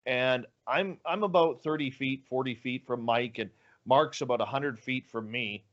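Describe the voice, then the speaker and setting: A man's voice: mid-range voice, normal speed, fairly bright tone, muffled recording. A man telling a story as a guest in an interview, acting out the dialogue with animation. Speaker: guest, radio show host.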